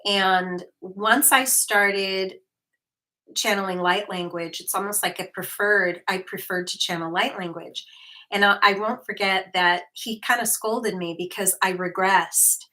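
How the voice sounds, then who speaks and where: This livestream host, a hypnotherapist, has a bright, clear, mid-range voice and talks slowly in a relaxed, chatty way. She often pauses, uses fillers, and restarts her sentences as she speaks to viewers and reads out their comments.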